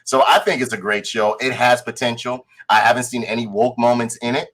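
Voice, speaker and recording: Male podcast co-host, mid pitch, animated storyteller who acts out lines and swears casually. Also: a little fast, rough recording. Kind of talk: casual chat reviewing a show.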